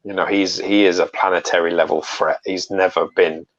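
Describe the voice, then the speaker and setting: Deep-voiced man, opinionated. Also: steady tone, lo-fi sound. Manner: opinionated, profane, halting restarts. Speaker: collectibles show co-host. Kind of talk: casual chat.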